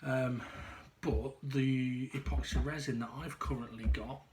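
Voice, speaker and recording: A man talking through a casual personal video diary at home, out of breath and halting, with frequent ums and restarts. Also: mid-range voice, fairly even intonation, darkish tone, slight background noise. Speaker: vlogger.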